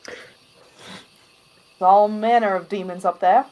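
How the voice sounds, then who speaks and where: A woman's voice: medium pitch, steady tone, slow pace, dark tone, lo-fi sound, natural voice. A stern, raised gate guard, voiced by a woman. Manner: curt, warning.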